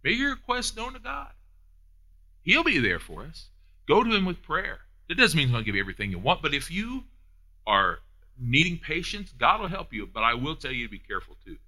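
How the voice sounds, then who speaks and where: A man preaching a sermon as pastor, with a folksy manner, swinging from loud high peaks down to soft hushed asides. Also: huge pitch swings, brisk. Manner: folksy, uses down-home phrasing.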